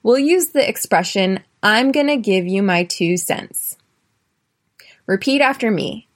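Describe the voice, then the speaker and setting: An American woman with a mid-range voice hosts an English-learning podcast lesson as a teacher, sharing personal stories. She's animated and chatty, often ending lines with "right?", and drills phrases clearly and slowly for listeners to repeat after her.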